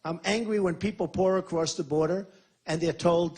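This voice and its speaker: A man's voice: sits high, steady tone, normal speed, a little mellow, husky. A man in his sixties, a presidential candidate at a rally, answering questions in an emphatic, repetitive and boastful way. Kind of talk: campaign Q&A speech.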